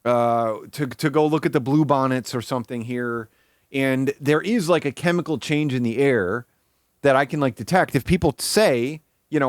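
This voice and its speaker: A man's voice: mid-range voice, moderate pace, dry recording, studio quality. A young man streaming live, talking casually and rambling, with many restarts and fillers.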